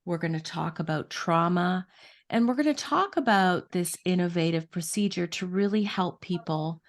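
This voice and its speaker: Slow, low-voiced woman podcast host. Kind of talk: reading a guest introduction, then casual interview.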